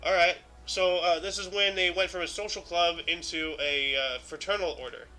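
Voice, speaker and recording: Bright-voiced man hosting a casual history stream. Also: sits high, moderate pace, faint music behind. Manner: reads dates aloud then adds offhand asides, many fillers. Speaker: show host. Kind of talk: casual history livestream commentary.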